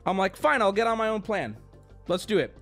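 A young adult man telling a rambling story to his stream chat, animated and swearing, jumping between high exclamations and low mumbles. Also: fairly quick, faint music behind.

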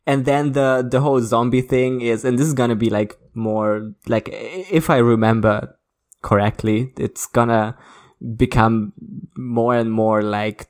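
A man's voice: medium pitch, steady tone, a little slow. A man co-hosting a casual podcast chat, talking in loose, rambling sentences full of fillers and restarts. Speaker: podcast co-host.

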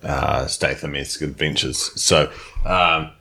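A man playing a tabletop game, telling his character's actions in a relaxed way. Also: rumbling low, takes it slowly, vocal fry. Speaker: player.

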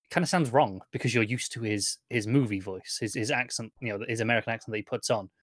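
Male co-host, middle pitch, easygoing and halting, dry close mic. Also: a bit bright, no room sound. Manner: agreeable, hesitant, with restarts. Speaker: podcast co-host. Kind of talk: casual TV recap chat.

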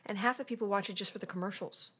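A woman's voice: medium pitch, racing, fairly bright tone, slightly rough. A woman co-hosting a casual podcast chat, dry and skeptical, firing questions. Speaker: podcast co-host.

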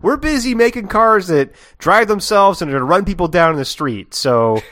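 A man's voice: high-pitched, lively intonation, normal speed, a bit bright, voice pushed up. A man voicing a fed-up masked man who wants to quit, ranting in an exasperated, whiny way.

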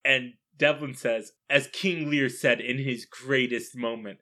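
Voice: mid-range voice, steady tone, measured pace, few pauses, sharp tone. A co-host of a casual film review podcast who adds wry quips.

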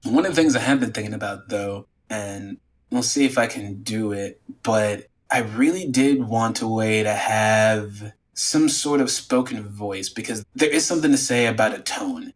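A man talking casually as a guest about game design, animated and rambling with lots of "like" fillers. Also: lowish voice, moderate pace. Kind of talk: casual conversation.

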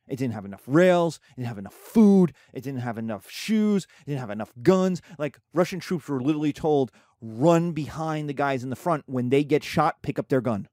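A man teaching a history lesson in a conversational, animated way, often checking in with asides. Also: a little high, dry recording, studio quality. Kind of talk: casual history lecture.

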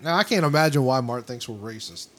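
A man's voice: mid-range voice, animated, quick pace, a bit bright. A man from the New Orleans area co-hosting a podcast, teasing the others with crude, mocking jokes. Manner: profane, mocking. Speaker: podcast co-host. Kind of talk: crude casual banter.

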